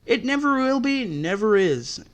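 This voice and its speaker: A man's voice: high voice, sing-song, measured pace. Exasperated man ranting, foul-mouthed. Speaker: podcast host. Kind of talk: ranting storytelling.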